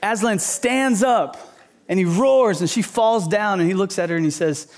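A man preaches a sermon and drives home his points with animated, emphatic storytelling. His voice sits fairly high. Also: normal speed. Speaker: pastor, teacher.

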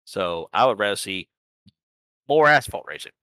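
A sim racing league organizer and podcast host recaps a season in a casual, rambling chat, swearing freely and laughing at himself. His lowish voice is bright and forceful, animated at a moderate pace, with no room sound.

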